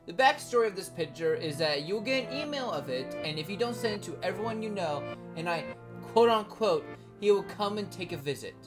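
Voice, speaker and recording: Animated, lively-voiced woman vlogger. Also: medium pitch, fairly quick. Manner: animated, blunt and joking, swears casually; rambling with many likes. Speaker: video creator. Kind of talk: casual commentary vlog. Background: background music.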